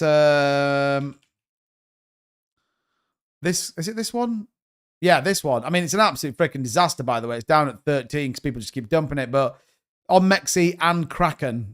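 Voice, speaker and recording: Scrolling through charts on his casual crypto stream, this host thinks out loud and sounds exasperated. His voice sits on the high side and is clean.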